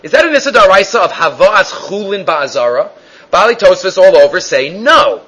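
A man with a high voice gives a Talmud lecture. He talks in an animated way, stops and restarts now and then, and puts on raised voices for the quotes. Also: breathy edge, poor audio. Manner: halting with fillers and restarts. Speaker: Talmud teacher.

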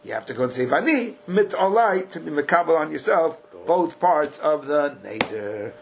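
His fairly high voice swings widely in pitch and carries some vocal fry as he teaches a Talmud class at a moderate pace. Chanting the passages, he explains them casually in English and underlines ideas with rhetorical questions.

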